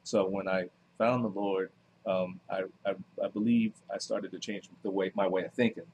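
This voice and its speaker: Guest, male 30s, New Jersey accent, very low voice, earnest, faint room noise. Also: fairly even intonation, a little mellow, rough recording. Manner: earnest, measured, many fillers. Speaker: guest, author and minister. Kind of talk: casual interview.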